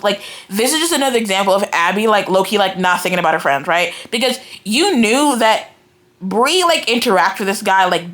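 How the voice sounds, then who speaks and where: Exasperated young woman ranting about a book. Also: mid-range voice. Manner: exasperated, animated, lots of "like" and "right?". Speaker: book reviewer. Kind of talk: casual reading-reaction rant.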